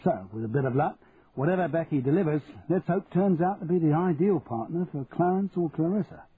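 A man's voice: fairly high pitch, a little fast, voice pushed up, natural voice. A man voicing a cheeky Cockney-edged Londoner. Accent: softened Cockney. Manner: cheeky, wry. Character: cheeky self-made London man, grinning. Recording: tinny, phone-like audio, faint hiss.

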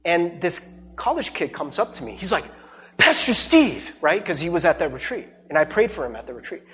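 Animated man preaching a sermon. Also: on the high side, fairly quick. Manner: animated, laughs often, acts out quoted voices. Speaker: pastor. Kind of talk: sermon with personal storytelling.

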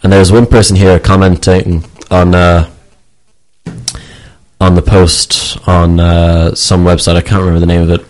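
A man's voice: sits low, flat delivery, measured pace, darkish tone, poor audio. A man chatting casually on a talk show, rambling and stammering as he restarts. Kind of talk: casual chat.

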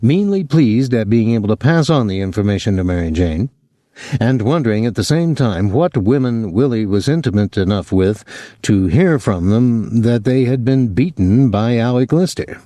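A man narrating a novel as an audiobook, reading in a deliberate, expressive way. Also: mid-range voice, no room sound. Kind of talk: scripted narration.

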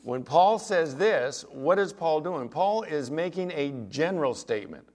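A man's voice: a little high, expressive, unhurried, darkish tone. A man preaching a sermon as pastor, emphatic, with rhetorical questions to the congregation.

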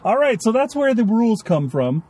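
A man's voice: sits high, sing-song, moderate pace, a little mellow. A man co-hosting a casual podcast chat, rambling and acting out little quoted lines. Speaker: podcast co-host.

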